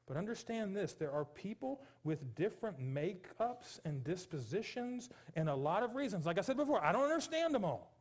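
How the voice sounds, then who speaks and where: Man in his forties, pastor, church sermon, earnest and pleading, fairly high voice, turns animated with humor. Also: husky. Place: church sanctuary.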